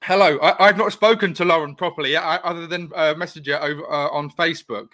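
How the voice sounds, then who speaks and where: Male live-stream host, slightly high, bright tone, easygoing and rambling. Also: steady tone, fairly quick. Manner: chatty, rambling, laughs often. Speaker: host of a live online interview. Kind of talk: casual live-stream interview. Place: home, live video call.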